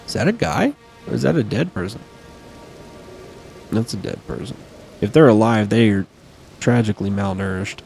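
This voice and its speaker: A man's voice: lowish voice, animated, moderate pace, gravelly, long pauses, a little mellow, soft background music. A man casually commentating his own game, chatty and swearing, talking back at enemies and sniffling near his desk mic. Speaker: gaming streamer.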